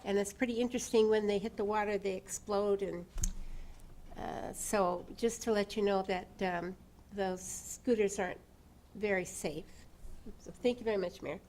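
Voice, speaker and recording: A woman's voice: mid-range voice, steady tone, normal speed, darkish tone, a little hiss or hum. A woman on a city council giving her report, hesitant and full of fillers. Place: council chamber.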